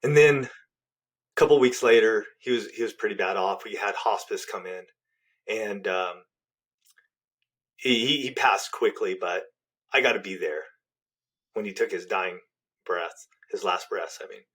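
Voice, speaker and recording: A middle-aged man, a guest on a podcast, telling a personal story in an earnest, heartfelt way and dropping to a near hush at tender moments. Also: fairly low pitch, unhurried, long pauses, husky. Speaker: podcast guest, relationship author.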